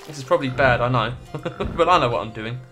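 A man's voice: medium pitch, fast talker, sharp tone, faint music behind. A man doing casual gameplay commentary, swearing freely and reading the game's text aloud. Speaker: gaming video creator.

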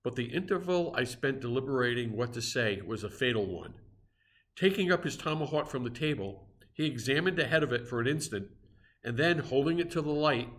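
A man's voice: mid-range voice, a bit bright. Man reading a classic novel aloud. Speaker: reader.

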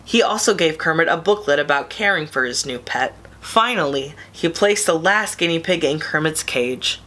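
Woman gently reading a storybook aloud. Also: low voice, expressive, moderate pace. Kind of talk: reading a children's picture book aloud.

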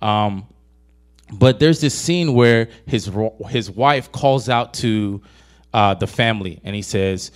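A man's voice: fairly low pitch, slow pace. Man preaching in a casual chat style. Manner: conversational, asks the audience questions, retells film scenes. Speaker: young adult ministry preacher. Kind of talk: sermon. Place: church hall.

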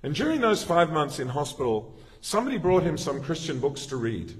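A man's voice: on the high side, very animated, a little fast. A middle-aged male pastor giving a sermon in a conversational, storytelling way, often restarting his sentences. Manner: conversational, anecdotal preaching with frequent restarts. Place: church. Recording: long reverb of a church hall.

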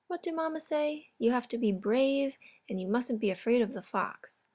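Storybook figure: an excited young boy hare, bright and high, voiced by a woman. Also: moderate pace. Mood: eager. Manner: eager, excited.

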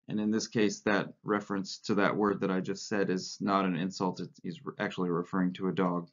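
A man's voice: deep voice, level tone, a little fast, few pauses. A male teacher talking casually and self-effacingly in an online lesson with read-aloud. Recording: lo-fi recording.

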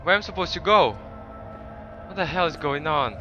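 A man talks through a horror game into a desk mic, his voice bright and ringing, swinging widely in pitch as he curses and yelps in fright. He takes his time between outbursts, speaking slowly when things go quiet. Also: animated, muffled recording, soft background music. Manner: swears a lot, panicked outbursts. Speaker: gaming channel host. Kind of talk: horror let's play commentary.

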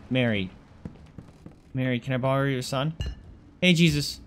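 Narrating a horror game playthrough, this let's player jokes around, addresses the objects he's holding and confesses how spooked he is. He sounds expressive and a little slow at a middle pitch, leaving long pauses, with faint background hiss.

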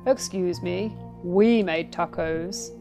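A woman voicing a goofy middle-aged father who makes slow, jokey puns. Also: lowish voice, dark tone, soft background music.

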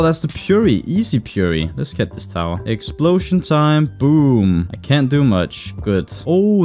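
A man commentating his own online game play, excitable, swearing and breaking into sudden loud outbursts. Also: mid-range voice. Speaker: gaming YouTuber. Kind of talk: live gameplay commentary.

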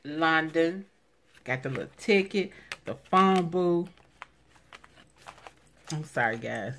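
A woman's voice: deep voice, animated, takes it slowly, fairly bright tone, a little hiss or hum. A woman vlogger chatting casually while opening craft mail, gushing and exclaiming over each piece. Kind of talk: casual unboxing chat.

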